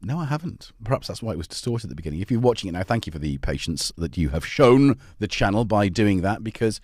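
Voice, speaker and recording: A man's voice: on the low side, big pitch swings, fast talker, a little mellow, dry recording, studio quality. A man hosting a casual live stream, rambling and joking, drifting off on tangents and talking to his cats. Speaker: livestream host.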